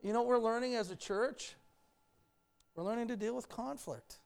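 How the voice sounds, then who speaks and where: A man's voice: very high voice, moderate pace, gravelly, darkish tone. A man preaching a sermon as pastor in a church, talking candidly and joking as he speaks directly to the congregation. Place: church sanctuary.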